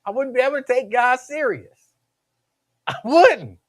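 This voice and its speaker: A man's voice: extremely high pitch, brisk. A man hosting a radio talk show, chatting casually with listeners, laughing often and repeating himself.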